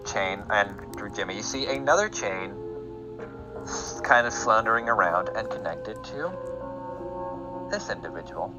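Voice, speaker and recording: A man's voice: fairly low pitch, dull audio. A man narrating a tabletop game as the game master, describing scenes and laughing often. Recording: background music under voice. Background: music.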